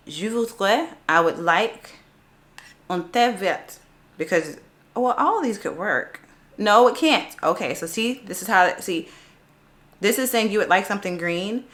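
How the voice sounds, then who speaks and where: A woman's voice: lowish voice, fairly bright tone. A woman talking casually in a vlog about learning a language, sounding out words as she goes. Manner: chatty, self-narrating, sounding out words aloud. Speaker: vlogger learning French.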